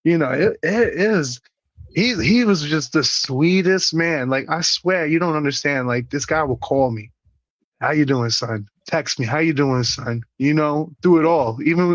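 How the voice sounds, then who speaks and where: A man from Puerto Rico, a wrestler guest, telling stories in casual interview chat with animated, profane energy. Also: a little high, dry recording, muffled recording.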